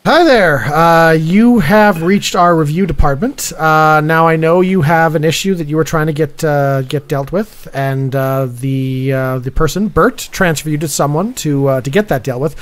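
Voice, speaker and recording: A man's voice: a little high, normal speed, hardly any pauses, lightly acted. A man in an improv comedy scene playing a call center review supervisor who rambles and hesitates with many fillers. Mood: deadpan. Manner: rambling, hesitant, full of 'uh'.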